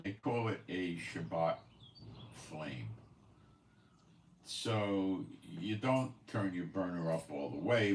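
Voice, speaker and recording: Deep-voiced man rambling in an echoey room. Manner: rambling, conversational, with many fillers and asides. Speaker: channel host. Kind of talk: casual monologue to viewers. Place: at home in Israel. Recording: roomy echo, voice from a distance, faint background hiss.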